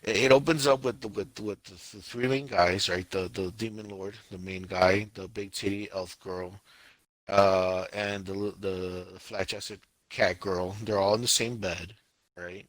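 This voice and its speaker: Animated man recapping a show, bright voice. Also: sits low, unhurried, no echo, rough recording. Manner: animated, exaggerated retelling with many restarts. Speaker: podcast co-host. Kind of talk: casual chat about anime.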